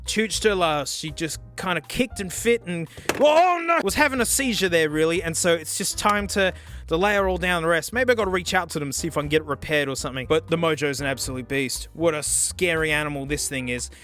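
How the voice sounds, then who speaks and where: A young man with a bright, sharp voice chats to camera in a loose, slangy way. He swings between low mutters and excited shouts while trying out gadgets, with faint music underneath. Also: a little fast. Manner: excitable, slangy, yells and groans while testing gear. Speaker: tech reviewer. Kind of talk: casual vlog chat.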